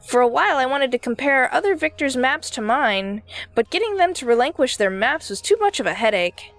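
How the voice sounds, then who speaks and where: A tired, offhand male wanderer in a dream-world game, explaining things in a flat, matter-of-fact way, as a woman reads him out. The voice stays fairly high, with faint music in the background. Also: fairly quick.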